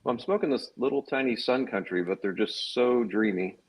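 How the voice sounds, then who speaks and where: A man who owns a cigar company, a guest on a podcast, talking in a relaxed, easygoing way. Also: medium pitch, brisk, husky, low-quality recording. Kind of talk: casual interview chat.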